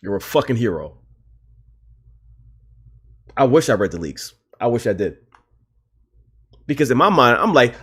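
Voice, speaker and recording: A man hosting a livestream in a loose, heated rant. He repeats himself for emphasis and swears freely. His pitch leaps high when he gets worked up. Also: very animated, unhurried, long pauses, a bit bright, breathy edge. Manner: repetitive, heated, swearing, laughing. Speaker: livestream host.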